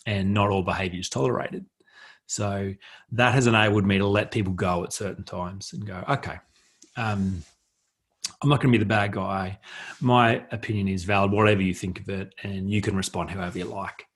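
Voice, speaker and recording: Man, podcast host, breathy voice, on the deeper side, earnest, reflective, repeats phrases for emphasis. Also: steady tone, moderate pace. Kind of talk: solo self-help podcast talk.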